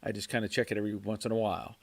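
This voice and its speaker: A man hosting a casual livestream from his garage, reading viewer chat and answering in a halting way, repeating words and chuckling often. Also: lowish voice, little pitch movement, vocal fry. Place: home garage.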